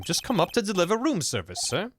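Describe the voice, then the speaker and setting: A man's voice: high voice, wildly swooping pitch, fast, fairly bright tone, slight background noise, exaggerated voice. A man voicing a stiff, overly formal hotel bellboy who tacks a polite "sir" onto every sentence. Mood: stiffly polite. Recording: game music playing underneath.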